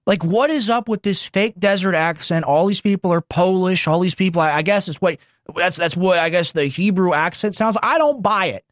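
A man's voice: high voice, moderate pace, no echo, clean studio sound. A man hosting a commentary show who reacts to video clips and reads quotes aloud. He sounds sarcastic and indignant and often talks over the clips.

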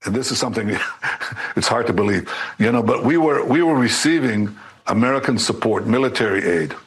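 A man answering interview questions as a government official, measured and hesitant. His mid-pitched voice has a husky grain. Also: expressive, poor audio.

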